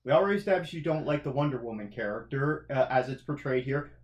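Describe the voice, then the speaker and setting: A man's voice: medium pitch, expressive, quick pace. Male host for casual review chat; prods and concedes, roomy sound. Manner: prodding, conciliatory questioner. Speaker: podcast host. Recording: echoey room.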